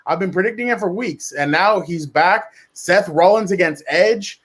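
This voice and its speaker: A man co-hosting a casual sports round table, talking in an excited, rambling way with quick restarts. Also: sits high.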